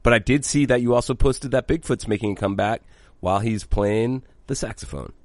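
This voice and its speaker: A man co-hosting a podcast in casual, animated chat, swearing freely. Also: mid-range voice, a little fast, dry recording. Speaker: podcast co-host.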